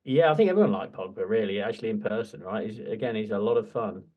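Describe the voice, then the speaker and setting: A man chats as a podcast co-host, storytelling in a loose, animated way. He laughs often and drops the odd swear word. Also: fairly low pitch, fast, narrow, tinny audio. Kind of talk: casual chat.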